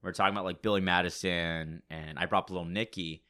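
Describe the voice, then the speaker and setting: A young man with a fairly low voice, chatting casually on a podcast. He rambles on with plenty of likes and ums. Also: steady tone, fast talker, pushed and bright, clear, resonant tone. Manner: rambling, lots of fillers. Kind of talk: casual chat.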